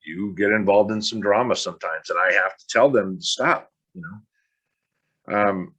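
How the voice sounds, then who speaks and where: A middle-aged man with a fairly low voice, talking straight into the mic in a blunt monologue. He sounds frustrated and curses freely as he pushes the listener to stop making excuses. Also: moderate pace, a bit bright, breathy edge. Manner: blunt, frustrated, swears casually. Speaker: podcast host. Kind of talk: motivational podcast monologue.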